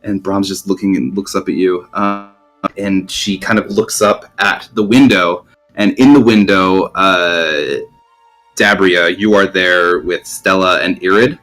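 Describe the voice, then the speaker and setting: Low-voiced man running a tabletop game. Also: steady tone, unhurried, fairly bright tone, faint music behind. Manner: rambling, many ums and restarts. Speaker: game master.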